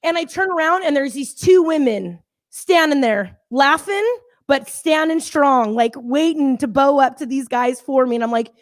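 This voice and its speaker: A woman's voice: high-pitched, lively intonation, moderate pace. A woman co-hosting a casual chat show, telling stories in a blunt, fiery way. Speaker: co-host.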